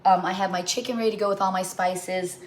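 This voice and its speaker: A woman's voice: mid-range voice, steady tone, fast talker. A middle-aged woman hosting a home cooking livestream, rambling through stories while she talks viewers through a recipe.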